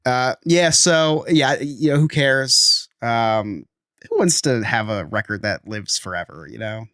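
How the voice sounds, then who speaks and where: A man's voice: mid-range voice, expressive, a little slow, fairly bright tone, dry recording, studio quality. A man, co-hosting a casual podcast and telling rambling stories with frequent laughs. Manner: rambling storyteller, laughs often. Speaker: podcast co-host. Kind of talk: casual chat.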